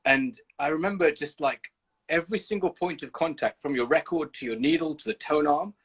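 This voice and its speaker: A man hosting a casual livestream chat from the UK, telling animated stories and swearing freely. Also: a little high, a little fast, husky. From United Kingdom. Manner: animated storyteller, swears freely, acts out scenes. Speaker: host. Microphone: video call.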